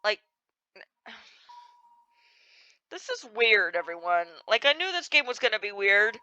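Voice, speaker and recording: Expressive young woman gaming, lively pitch. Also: a little slow, clean tone, no echo, dull audio. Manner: expressive, exasperated, laughs often. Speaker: gamer. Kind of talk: let's play commentary.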